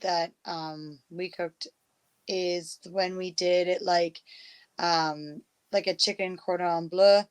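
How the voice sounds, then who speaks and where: A woman's voice: fairly low pitch, steady tone, takes it slowly, smooth. A woman from Canada in a casual chat, matter-of-fact as she gives cooking tips. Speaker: guest.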